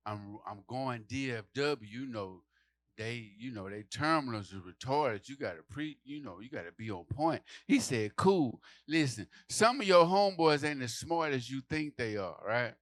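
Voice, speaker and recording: Animated, profane stand-up comedian man. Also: medium pitch, moderate pace. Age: adult. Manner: loud animated storytelling, acting out characters, profane.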